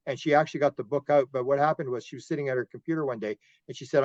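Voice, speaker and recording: Canadian guy rattling off stories quick, laughs a lot, kinda dull lo-fi audio, dry. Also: medium pitch, no room sound. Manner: animated, laughs often, acts out quotes. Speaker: UFO investigator, guest. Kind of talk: casual interview storytelling.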